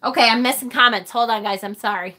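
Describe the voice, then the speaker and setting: A woman's voice: on the high side, fast, sharp tone. A woman hosting a live tarot stream, talking casually and animatedly with the occasional mild swear.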